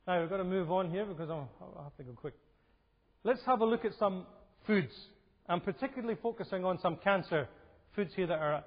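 In a church hall, a man with a fairly high, breathy-edged voice gives a health talk. He engages the audience with questions in a conversational tone, heard through a lo-fi recording with hall reverb.

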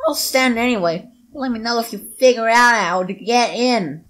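A woman's voice: on the high side, normal speed, fairly bright tone, natural voice, rough recording. A woman putting on an accent to read a friendly chat partner's messages aloud in a game. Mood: chatty.

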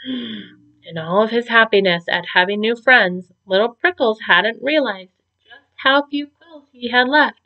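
A woman teacher reading a storybook aloud to children in an expressive, gentle voice. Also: a little high, unhurried. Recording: dull lo-fi recording.

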